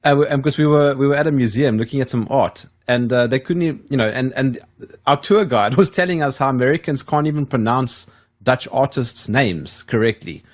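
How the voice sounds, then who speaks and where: A man's voice: mid-range voice, brisk. A man hosting a casual podcast conversation, often chuckling and repeating himself as he searches for words. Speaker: podcast host.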